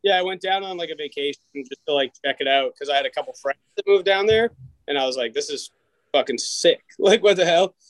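A young man tells loose, rambling stories as a podcast guest, acting out everyone's lines as he goes. His voice sits fairly high, and the recording is dry and close. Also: brisk, dry recording, poor audio. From Massachusetts. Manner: rambling storyteller, acts out quotes. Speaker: comedian guest. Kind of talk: casual podcast chat.

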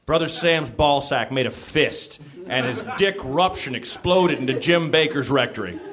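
A man's voice: medium pitch, background noise. A man comedian reading a raunchy story aloud to a live theater audience, stumbling and laughing now and then. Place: small theater stage.

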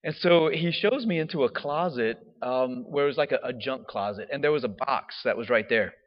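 A man, a diocesan priest, telling a personal story in a chatty, animated way with casual fillers. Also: mid-range voice, brisk. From United States. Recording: dull audio with long hall reverb.

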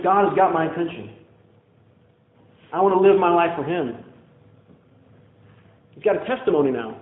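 A man preaching a sermon as pastor, acting out the quoted voices with lively changes of pitch and pace. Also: echoey room, phone-quality sound. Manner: animated, acts out quotes with shifting pitch and pace.

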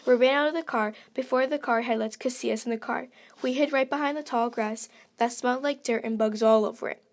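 A woman reading aloud a homemade mystery story in an earnest, unpolished way. Her voice sits fairly high, and her phrasing is simple and direct. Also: fairly even intonation, fairly quick.

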